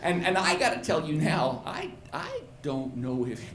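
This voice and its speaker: Middle-aged male storyteller, folksy and lively, fairly high voice; live pub set, roomy. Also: normal speed, noisy background. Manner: folksy, animated, repeats words. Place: pub stage before an audience. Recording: roomy pub with faint chatter.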